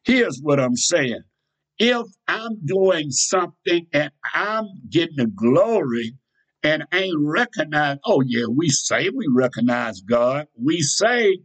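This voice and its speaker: Slow, emphatic male preacher. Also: a little high, lively intonation, poor audio. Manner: call-and-response preaching with sudden shouts; folksy, repeats phrases for emphasis. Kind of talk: sermon.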